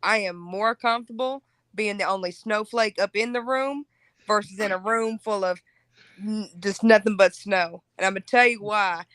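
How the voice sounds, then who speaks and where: Candid Southern woman, bright and dry. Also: medium pitch, normal speed, no room sound. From Alabama, US South. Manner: candid, animated, laughs easily. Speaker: guest. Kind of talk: casual panel discussion.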